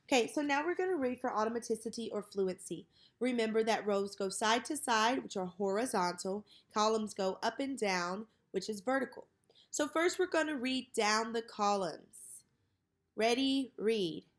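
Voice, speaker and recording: Slow, clear-spoken woman teacher. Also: medium pitch. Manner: slow, clear, drawn-out word modeling. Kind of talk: recorded reading lesson for children.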